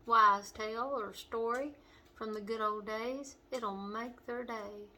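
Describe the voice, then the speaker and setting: A middle-aged woman with a western Kentucky accent, hosting a home cooking demonstration in her kitchen and chatting warmly to the viewer. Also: a little high, a little slow. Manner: homey and chatty, talking straight to the viewer. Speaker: cooking show host.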